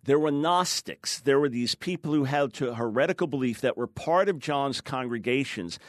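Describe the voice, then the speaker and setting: A man's voice: mid-range voice, animated, normal speed, no room sound, clean studio sound. A man, a guest author, talks emphatically in a theological discussion, acting out quoted people with shifts in his voice.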